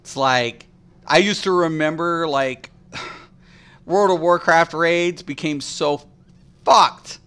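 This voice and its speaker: A male game streamer holds forth to his chat in a blunt, swear-heavy rant. His voice sits a bit high and has a bright, forceful edge. He sounds casual and combative as he talks. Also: slow pace, pauses often, smooth. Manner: blunt, profane, ranting.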